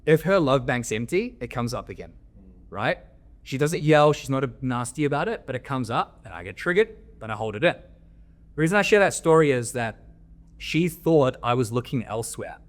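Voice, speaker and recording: With lively intonation and a moderate pace, this mid-range male voice belongs to an Australian men's coach. As a podcast guest he tells candid stories, speaking bluntly in a coaching tone and swearing without restraint.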